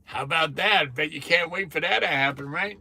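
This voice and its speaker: Chatty fifties man with a bright voice. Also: a little high, brisk, slightly rough, no echo. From New Jersey. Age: 50s. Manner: chatty, greets viewers by name, swears casually. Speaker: truck driver livestream host. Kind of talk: casual live chat. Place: truck cab on lunch break.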